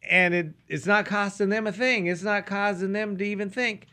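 Calm explaining male pastor. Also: high-pitched, moderate pace. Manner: calm, explanatory, draws out lessons. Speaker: pastor, co-host. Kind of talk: faith talk show discussion.

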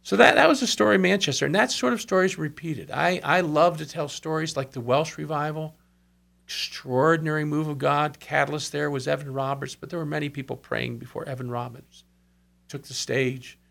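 This man's voice is a little high, creaky and fairly bright, and he talks fairly quickly. In conversation he earnestly recounts revival stories, with quoted speech and brief asides along the way.

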